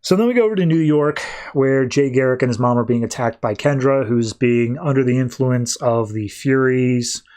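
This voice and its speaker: A man's voice: mid-range voice, darkish tone. A man casually recapping a comic book issue on a podcast, paraphrasing the characters' lines with lots of "like". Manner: retells dialogue in quick casual paraphrase with many "like"s. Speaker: podcast host.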